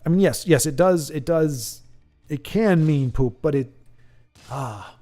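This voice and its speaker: A man's voice: on the high side, lively intonation, unhurried, mellow. A man hosting a live stream in a rambling, chatty way, reading viewer chat aloud and laughing often. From United States. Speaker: stream host.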